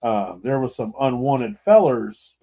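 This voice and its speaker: A man's voice: medium pitch, expressive, a little slow, dull audio. A man hosting a podcast, telling a rambling, profane story with laughter in casual chat. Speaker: podcast host.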